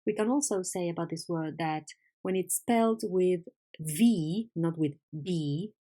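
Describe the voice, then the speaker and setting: A woman's voice: lowish voice, moderate pace. Patient woman teaching English vocabulary. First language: Spanish. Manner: patient, clear, lively questioning. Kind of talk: recorded vocabulary lesson.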